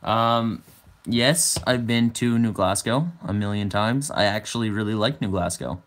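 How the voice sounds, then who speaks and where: A man's voice: lowish voice, measured pace, a bit bright. A man in his twenties hosting a casual livestream, chatting and answering viewer comments aloud. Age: 20s. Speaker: livestream host.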